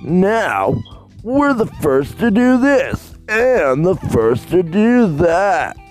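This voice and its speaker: A man's voice: high voice, big pitch swings, extremely slow, exaggerated voice. A man doing a brash, crude commercial announcer. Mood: mocking. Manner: sarcastic, over-the-top delivery. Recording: faint guitar music behind.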